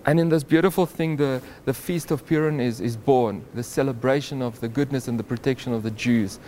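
A man retells a Bible story in an informal, animated way, chuckling now and then and often restarting his sentences. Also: medium pitch, a little fast, slight background noise. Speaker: Bible teacher.

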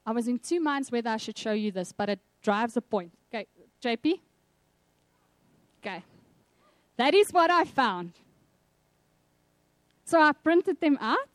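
A South African woman preaching a sermon, telling personal stories in a lively way and acting out the voices she quotes. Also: fairly high pitch, a little slow, pauses often, no echo.

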